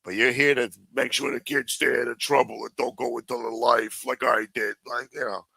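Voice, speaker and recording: A man hosts a live show and rants with profanity and sarcasm. His voice is bright and forceful. The sound is dry and close. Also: medium pitch, fairly even intonation, moderate pace, gravelly, no echo. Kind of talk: profane live-stream rant.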